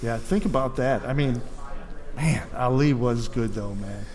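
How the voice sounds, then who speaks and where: A man hosting a casual podcast chat, animated and quick to laugh. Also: medium pitch. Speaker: podcast host.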